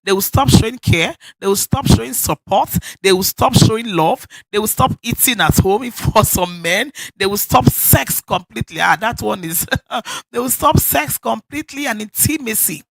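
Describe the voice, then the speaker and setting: During a church service, a preacher with a Nigerian accent delivers an emphatic sermon, repeating key phrases and laughing often. His mid-range voice is creaky, with lively intonation, normal speed and no echo.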